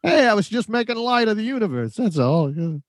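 A man's voice: sits high, sing-song, brisk. A man co-hosting a casual podcast, cracking jokes and riffing on the host's facts. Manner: joking, wisecracking. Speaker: podcast co-host.

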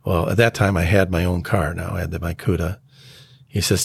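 An American man telling his life story as an interview guest, earnest and halting. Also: deep voice, little pitch movement, creaky, slightly rough, dry recording. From United States. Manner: earnest, halting, acts out quoted dialogue. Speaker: guest sharing his testimony.

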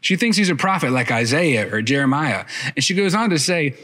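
A man's voice: on the high side, big pitch swings, brisk, few pauses, fairly bright tone. A man preaching a sermon, retelling the story conversationally with casual asides.

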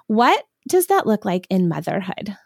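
A woman's voice: medium pitch, very animated, moderate pace, vocal fry, a little mellow, dry recording, clean studio sound. A woman hosting a Christian podcast, speaking in a sincere, reflective way. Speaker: podcast host.

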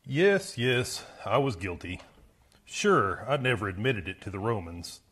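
A man's voice: lowish voice, sing-song, a little slow, fairly bright tone, husky, full character voice. A man playing a guilty, defiant male rebel prisoner in a dramatic first-person monologue, brooding and self-justifying.

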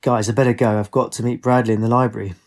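A man's voice: mid-range voice, little pitch movement, fast, darkish tone, lightly acted. A man voicing a wry young woman student.

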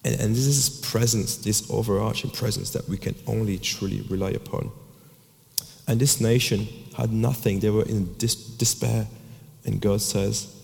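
A man's voice: fairly low pitch, a little slow, vocal fry, long pauses, a little mellow, in a large hall. A man in his thirties preaching a sermon, telling a personal story earnestly and often restarting his words.

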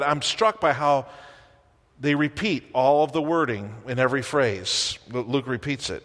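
A man's voice: high voice, expressive, normal speed, a bit bright, in a large hall. A man preaching a sermon as pastor in a church, conversational, with wry asides and rhetorical questions.

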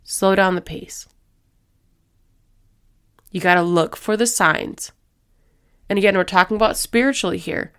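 A woman's voice: medium pitch, a little slow, pauses often, a bit bright, clean tone. A woman hosting a faith-based podcast, talking in a chatty, rambling way and acting out little quoted voices as she goes. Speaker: podcast host.

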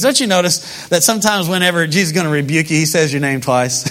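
Bright, high-voiced male preacher. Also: normal speed. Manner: conversational, animated storytelling. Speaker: pastor. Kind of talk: sermon.

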